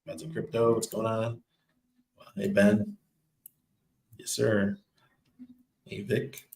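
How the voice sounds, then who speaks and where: Man, livestream host, casual chat, lower voice, rambling and laughing, roomy echo. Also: little pitch movement, slow, gravelly, a little mellow. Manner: loose, chatty, laughs often, trails off with ums. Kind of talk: casual livestream chat reading viewer comments. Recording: echoey room.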